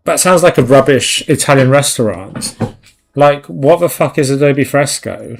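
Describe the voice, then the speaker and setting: A man's voice: medium pitch, expressive, moderate pace, vocal fry, faint music behind. A man chatting casually and swearing while he paints on a live stream, rambling and self-mocking. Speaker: digital art streamer.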